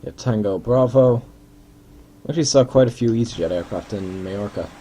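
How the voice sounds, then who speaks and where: A man's voice: on the low side, normal speed, mellow, slight background noise. A man from Ireland giving casual, rambling commentary while playing a flight simulator, thinking aloud and poking fun at himself. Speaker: gaming video host.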